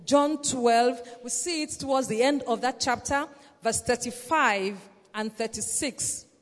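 Woman preacher, high voice, earnest and insistent, repeats her points; church hall with long echo. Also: unhurried. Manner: earnest, repetitive exhortation with "Praise the Lord" interjections. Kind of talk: sermon.

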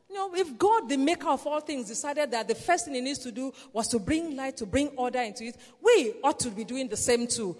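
Woman preacher, high voice, earnest and insistent, repeats her points; church hall with long echo. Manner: earnest, repetitive exhortation with "Praise the Lord" interjections. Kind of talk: sermon.

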